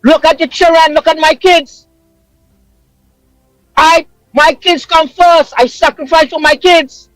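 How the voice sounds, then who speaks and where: High-pitched, emotional man ranting. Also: fairly even intonation, unhurried, pauses often, fairly bright tone, no echo, soft background music, rough recording. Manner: emphatic, repetitive, preachy. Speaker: caller living abroad. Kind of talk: impassioned call-in rant.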